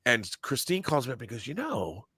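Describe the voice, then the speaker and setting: A man telling excited, geeky stories in casual podcast chat, often acting out quotes and restarting his sentences. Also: mid-range voice, fairly quick, husky, dry recording, studio quality. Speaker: guest, audio drama producer.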